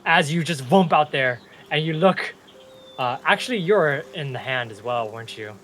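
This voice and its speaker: A man's voice: a little high, expressive, normal speed, a bit bright, a little hiss or hum. A young man narrating as game master, loose and chatty, breaking into chuckles as he describes the scene.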